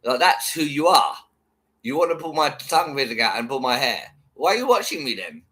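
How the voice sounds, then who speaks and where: A man's voice: medium pitch, brisk. A man vlogging, commenting on a clip in a profane, mocking, rambling way. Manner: mocking, sweary, animated.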